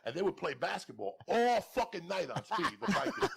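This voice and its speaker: A man with a New York accent telling wild, profane stories as a podcast guest, breaking into booming laughs. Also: big pitch swings, brisk, gravelly, few pauses, a bit bright. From Cuba. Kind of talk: storytelling on a podcast.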